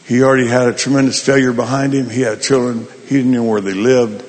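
A male pastor telling a folksy, animated story in a sermon. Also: mid-range voice, fast talker, big-room sound. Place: large hall at a summit.

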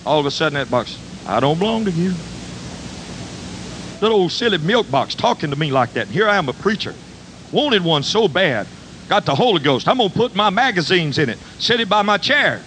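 An older man preaches in a drawl, his voice sitting a touch high as he spins a folksy, animated tale. A faint hiss and low rumble run under the recording. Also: fairly quick, rough recording. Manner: folksy, animated storytelling with dialect. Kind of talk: storytelling sermon.

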